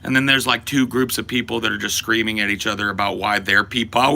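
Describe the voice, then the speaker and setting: A man's voice: on the low side, flat delivery, fast talker, gravelly, bright, forceful tone, slight background noise. A man and podcast host in a profane, exaggerated comedic rant that swings into mock panic.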